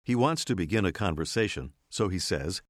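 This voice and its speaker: A man narrates a language lesson in a clear, measured way. His voice sits fairly low but rises and falls a great deal. The recording is dry and close. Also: animated, no room sound. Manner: clear, measured teacher's delivery. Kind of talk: scripted instructional narration.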